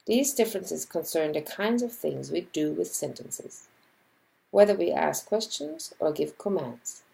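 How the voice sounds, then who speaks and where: Big pitch swings mark this woman lecturer's scripted linguistics narration, delivered unhurriedly in a warm, dark voice full of gravelly fry. She speaks in a measured way, acts out example sentences, and the recording is rough.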